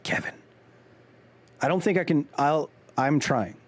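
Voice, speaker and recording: A man streaming a game live speaks in an animated, slightly high voice at a measured pace, pausing often. He rambles and chats casually with viewers, talks back to chat, restarts often with ums, and teases himself.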